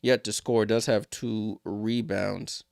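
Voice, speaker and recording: A man's voice: fairly low pitch, slow, gravelly, no room sound, clean studio sound. Man calling basketball play-by-play live. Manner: excitable on big plays, chatty asides to viewers. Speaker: watchalong streamer.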